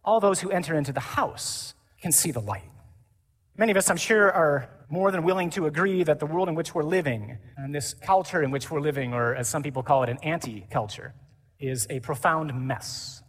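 Male priest, animated conference sermon, higher-pitched, reverberant hall. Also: normal speed. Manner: lively, animated preaching with mimicry.

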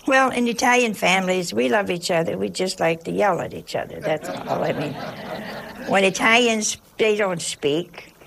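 Woman preacher, gravelly voice, emphatic and homespun, given to funny anecdotes and hushed asides. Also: mid-range voice, moderate pace. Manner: humorous storytelling. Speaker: religious teacher. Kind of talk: folksy sermon with anecdotes.

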